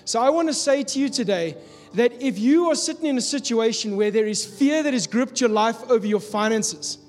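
A man's voice: extremely high pitch, lively intonation, a little fast. A man preaching a sermon, telling a personal story in an earnest, confessional way, from South Africa. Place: church hall. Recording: long hall reverb with soft music.

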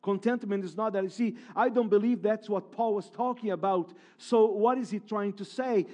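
High-voiced emphatic male preacher. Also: normal speed, hardly any pauses, darkish tone. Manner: emphatic preaching with repeated phrases and restarts. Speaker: pastor. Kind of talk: sermon.

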